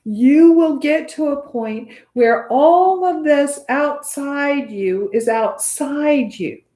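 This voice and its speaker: Chatty high-voiced American meditation teacher. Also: female voice, takes it slowly, warm tone, reverberant. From United States. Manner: chatty, often adds "right?". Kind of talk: casual spoken teaching.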